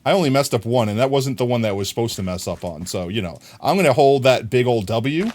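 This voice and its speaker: A man's voice: medium pitch, animated, fast talker, darkish tone. Playful young male game streamer. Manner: playful, thinks aloud, laughs at himself. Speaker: live streamer. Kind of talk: casual live-stream chat while building in a game.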